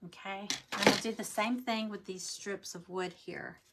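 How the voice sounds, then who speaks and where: A woman's voice: mid-range voice, steady tone, moderate pace, heavy background noise. A woman chatting casually to viewers while she demonstrates a craft project. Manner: chatty, rambling, talks to viewers. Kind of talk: casual craft demo livestream.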